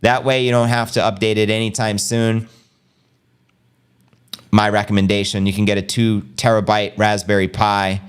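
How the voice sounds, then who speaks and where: A middle-aged American man hosting a casual crypto livestream, energetic and slangy, reading and answering viewer comments. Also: fairly low pitch, smooth. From United States. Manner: energetic, fast-paced, slangy.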